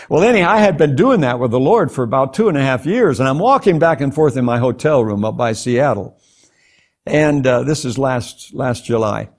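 A man's voice: mid-range voice, animated, normal speed. An older man, a guest preacher, telling a personal testimony in an interview, earnest and prone to stumbling over repeated words. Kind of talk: testimony in a talk show interview.

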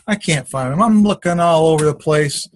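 A man's voice: fairly high pitch, moderate pace, slight background noise. A middle-aged man sharing a personal faith testimony in a casual, rambling way, with restarts and asides, on a conference call. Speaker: testimony sharer.

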